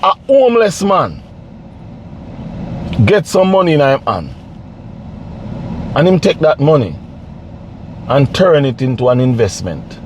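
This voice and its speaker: Pleading man, lively pitch. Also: a little hiss or hum. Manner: pleading, repetitive, preachy. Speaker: vlogger. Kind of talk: casual direct-to-camera commentary.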